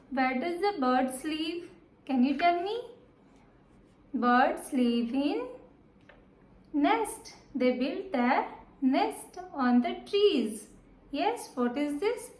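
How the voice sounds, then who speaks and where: Slow, high-voiced woman teaching children. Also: expressive, roomy sound. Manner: slow, repetitive, asks and answers questions. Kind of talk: children's lesson.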